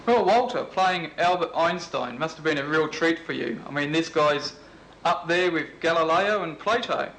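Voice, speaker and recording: A man with an Australian accent hosting and interviewing a guest in a brisk, mock-serious way. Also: fairly high pitch, animated, a bit bright, slight background noise, rough recording. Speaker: host.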